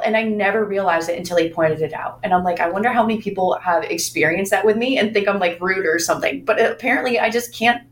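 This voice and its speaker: Woman podcast co-host, animated storyteller, roomy echoey recording. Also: medium pitch, quick pace, hardly any pauses. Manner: animated, acts out quoted dialogue. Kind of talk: casual storytelling chat.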